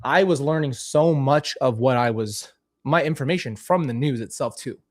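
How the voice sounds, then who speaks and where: Male vlogger, mid pitch, candid and animated, talks straight to camera with restarts; casual commentary. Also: moderate pace. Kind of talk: casual commentary on old clips.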